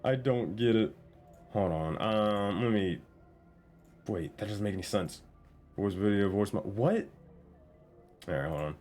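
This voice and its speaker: A man's voice: on the low side, unhurried, pauses often, darkish tone, soft background music. A man running a tabletop game on stream, talking casually, exasperated and swearing often. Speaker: game master.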